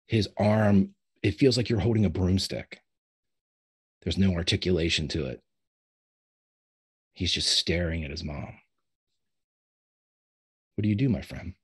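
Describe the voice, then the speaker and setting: Low husky male game master. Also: unhurried, long pauses. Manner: descriptive, loose with fillers. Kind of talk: narrating a tabletop game.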